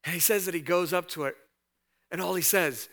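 A man preaching a sermon in a bright, forceful voice that sits a little high. He retells scripture scenes like stories and drives his points home with emphatic repeated questions. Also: a little fast. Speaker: pastor.

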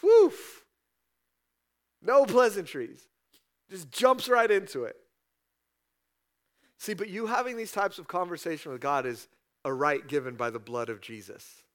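A man preaching a conversational sermon, reading scripture and voicing prayers and God's replies with sudden raised, higher bursts. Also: lively intonation, normal speed, long pauses, fairly bright tone. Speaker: pastor.

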